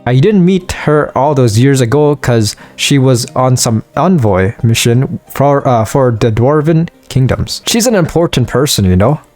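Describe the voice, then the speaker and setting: A man's voice: mid-range voice, lively intonation, normal speed, few pauses, darkish tone, lightly acted. Guy doing a hearty scottish dwarf miner, folksy and bouncy, little music underneath. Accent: put-on Scottish. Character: gruff middle-aged male dwarf miner, jovial.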